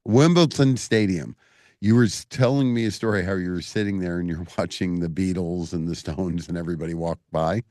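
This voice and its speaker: A man with a very low voice hosts a radio interview, upbeat and quick to laugh. The sound is dry and close, with no room around it. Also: fairly even intonation, dark tone, no room sound. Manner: enthusiastic, laughs easily, talks business. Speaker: radio host and club owner. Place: radio studio.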